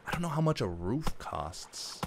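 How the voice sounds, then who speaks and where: Unhurried and playful, this male let's play host narrates a survival game, joking to himself and describing each move in loose, unscripted commentary. His voice has vocal fry and big pitch swings that rise and fall as he reacts. The background is noisy.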